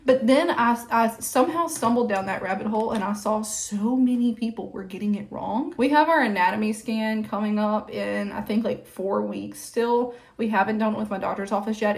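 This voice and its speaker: A woman's voice: medium pitch, fairly quick, hardly any pauses. A young adult woman chatting casually while getting ready, rambling with lots of "like", a little out of breath. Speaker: vlogger. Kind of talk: casual get-ready-with-me chat.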